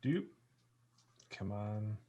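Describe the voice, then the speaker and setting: A man's voice: lowish voice, lively intonation, extremely slow, warm tone, muffled recording, slight background noise. A laid-back, joking man chatting and reading game cards aloud.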